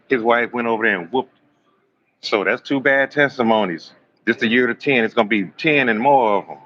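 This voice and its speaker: A man's voice: medium pitch, sharp tone, lo-fi sound. Aave guy preaching and cussing on a live stream, acts out both sides, faint hiss behind. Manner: preachy and blunt, swearing, acting out both sides of arguments. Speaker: live-stream host and self-styled prophet.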